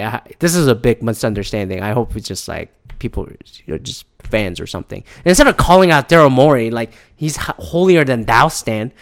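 A man in a heated, profane casual rant, often mimicking other people in mocking voices. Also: medium pitch. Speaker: commentator. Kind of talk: ranting casual commentary.

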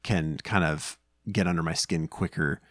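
A man's voice: rumbling low, fairly even intonation, moderate pace, fairly bright tone, no echo, clean studio sound. A man in his thirties co-hosting a podcast, talking casually at home in a rambling way, full of fillers and restarts. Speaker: podcast co-host. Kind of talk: casual chat.

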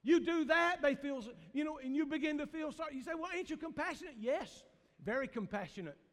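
A middle-aged man preaching a sermon as pastor, moving from hushed storytelling to shouted emphasis. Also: very high voice, steady tone, fast. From American South. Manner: Southern preacher cadence, swings from hushed to shouting. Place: church sanctuary. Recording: reverberant church hall.

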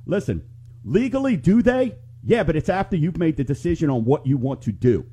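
A man's voice: fairly high pitch, sing-song, quick pace, warm tone, slightly rough. A middle-aged man hosting a live talk radio show, chatting and telling rambling stories to listeners. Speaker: radio show host and mortgage lender.

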